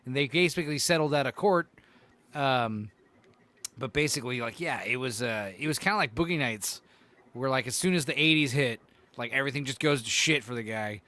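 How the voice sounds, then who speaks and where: A man's voice: medium pitch, brisk, bright, forceful tone. A man co-hosting a casual podcast chat, rambling and swearing, full of "like" and "you know". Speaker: podcast co-host.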